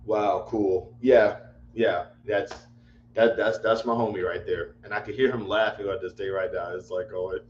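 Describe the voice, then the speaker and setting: A man's voice: lowish voice, fairly even intonation, moderate pace. A man hosting a casual livestream chat, rambling and repeating himself in exasperation. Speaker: livestream host. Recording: echoey room, dull lo-fi mic, faint hum.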